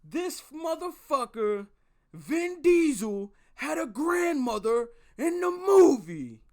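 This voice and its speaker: A man voicing his outraged male friend yelling a rant down the phone. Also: extremely high pitch, very animated, takes it slowly, voice pushed up, full character voice. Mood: furious. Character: furious young male friend ranting on phone.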